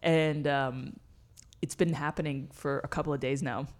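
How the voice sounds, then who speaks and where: A woman's voice: low-pitched, fairly even intonation, moderate pace. Blunt New woman co-hosting. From New York City. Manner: blunt, swears freely, storytelling. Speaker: podcast co-host. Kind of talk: casual chat.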